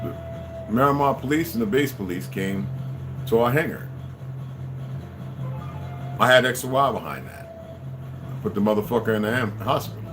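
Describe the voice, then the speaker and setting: A middle-aged man telling a rambling, profane story that turns into a loud rant. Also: fairly low pitch, lively intonation, moderate pace, long pauses, music in the background. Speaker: channel host telling stories.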